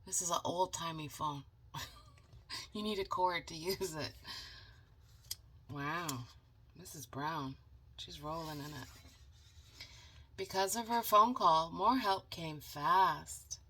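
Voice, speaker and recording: A woman reading a picture book aloud as a channel host, dramatic and animated, stopping for chatty asides to viewers. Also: lowish voice, slow pace, long pauses, slight background noise. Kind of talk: storybook read-aloud with asides.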